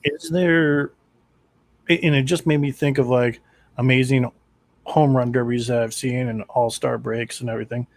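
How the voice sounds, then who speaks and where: A man's voice: medium pitch, fairly even intonation, moderate pace, no echo. Easygoing man telling sports stories. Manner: easygoing storyteller, teasing. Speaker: podcast co-host. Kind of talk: casual sports chat.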